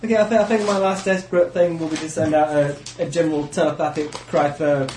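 A man's voice: fairly high pitch, steady tone, quick pace, background noise. A man playing a tabletop game, talking in a rueful, comically dramatic way. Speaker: player. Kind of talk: casual tabletop banter. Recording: echoey room.

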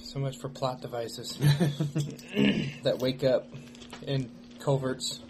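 A man's voice: medium pitch, fairly even intonation, slow, background noise. A man playing in a tabletop game, wry and joking, laughing often. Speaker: player. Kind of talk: casual tabletop play.

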